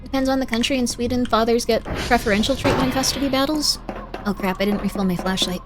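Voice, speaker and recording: Over music, a young woman with a slightly high voice talks fast while streaming a game. She offers casual gameplay commentary and reads her chat, responding to viewers in a sympathetic, easygoing way.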